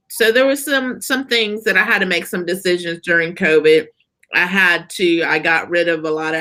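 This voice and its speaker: Woman with a low, bright-edged voice; halting, self-amused personal storytelling. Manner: halting, restarts, chuckles at herself.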